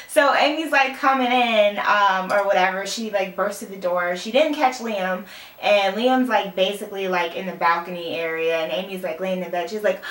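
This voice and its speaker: This TV recap vlogger, a young woman, rambles through an episode casually, saying "like" and "um" often and mixing up names. She has a mid-range, slightly bright voice at a moderate pace, recorded far from the mic in a roomy room.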